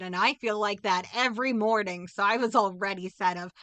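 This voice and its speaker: A woman's voice: medium pitch, brisk, fairly bright tone, no room sound. A woman co-hosting a podcast, casually recapping a movie plot with sarcastic jokes. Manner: sarcastic, jokey, acts out characters' lines. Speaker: podcast co-host.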